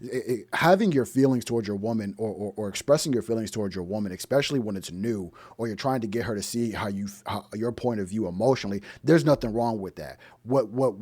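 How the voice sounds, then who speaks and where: A man's voice: on the low side, dark tone, dry recording. A man hosting a reaction commentary, blunt and preachy, firing off repeated rhetorical questions. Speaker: relationship commentary host.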